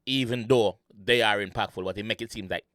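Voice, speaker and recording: A man with a Jamaican accent hosting a reaction video, chatting excitedly in patois and restating lyrics with many restarts. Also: fairly low pitch, a little fast, background noise. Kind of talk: casual commentary.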